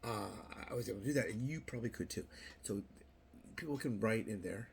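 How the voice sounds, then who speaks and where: An older man vlogs on YouTube, talking casually to the camera in a fairly low, creaky voice at a fairly quick pace. He rambles, repeats words and restarts often, playfully acting out little quoted voices, with slight background noise behind him.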